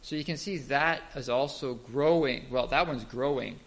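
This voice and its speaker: A man's voice: medium pitch, moderate pace. A man giving a Bible teaching talk, explaining step by step and asking the listeners rhetorical questions.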